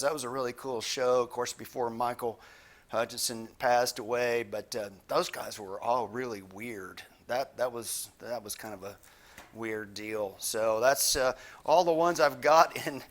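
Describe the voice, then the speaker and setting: A middle-aged man hosting his own channel, telling relaxed stories with lots of "uh" fillers. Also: mid-range voice, unhurried. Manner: chatty, many "uh" fillers, easygoing. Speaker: YouTube guitar channel host. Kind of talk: casual vlog storytelling.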